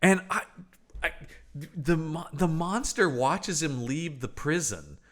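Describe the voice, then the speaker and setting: A man's voice: a little high, animated, slow pace, fairly bright tone. A man co-hosting a comedic movie review podcast, joking and acting out scenes in silly voices. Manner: jokey, puts on silly voices for characters. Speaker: podcast co-host.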